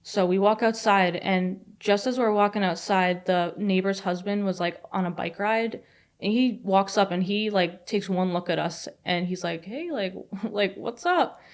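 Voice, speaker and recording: A young woman telling a personal story as a podcast guest, fast and chatty with many fillers. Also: medium pitch, steady tone. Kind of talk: casual storytelling.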